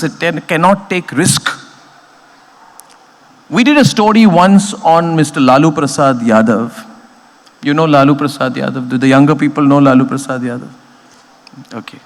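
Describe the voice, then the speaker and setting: Impassioned Indian man in a reverberant hall. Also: fairly high pitch. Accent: Indian English. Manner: emphatic, impassioned, punchy stressed phrases. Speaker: keynote speaker, news editor. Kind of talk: keynote speech. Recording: long reverb of a big hall.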